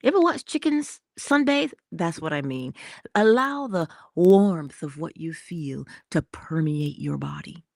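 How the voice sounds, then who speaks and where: A woman hosting an inspirational livestream, talking slowly and intimately, dropping into whispers at times and greeting viewers in the chat. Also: low voice, animated, creaky, no room sound, studio quality. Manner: slow, intimate, drops into whispers. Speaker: motivational livestream host.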